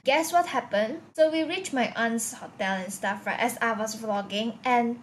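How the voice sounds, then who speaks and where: A woman's voice: fairly high pitch, moderate pace, slight background noise. Chatty young Malaysian woman vlogger. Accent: Malaysian English. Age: young adult. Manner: chatty, expressive storyteller with many "like" fillers. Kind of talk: casual vlog chat.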